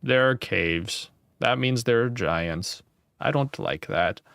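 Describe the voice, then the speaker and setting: A man's voice: mid-range voice, lively intonation, slow, vocal fry, a bit bright, no room sound, clean studio sound. A young man reading a gamebook aloud and playing along, with casual, wry remarks and the odd swear. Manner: casual, wry, swears and laughs at his own slips. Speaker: gamebook player and channel host.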